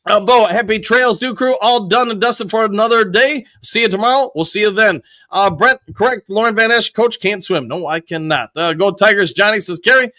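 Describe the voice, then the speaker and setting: A man's voice: sits high, normal speed, few pauses, sharp tone, dry recording. A man from Michigan hosting a live fan show, reading viewers' chat messages aloud and answering them. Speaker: host.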